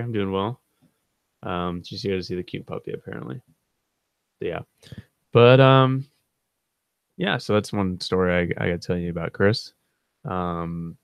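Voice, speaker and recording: Deep-voiced man, gravelly fry, dry close sound, rambling live-stream storyteller who laughs a lot. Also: dry recording. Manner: rambling, laughing, quoting friends in a raised voice. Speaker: channel host.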